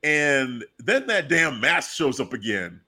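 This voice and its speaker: Male co-host, mid pitch, lively and animated, acts out his reactions while recapping. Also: slow. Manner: excited, animated retelling with acted-out reactions. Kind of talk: casual wrestling podcast chat.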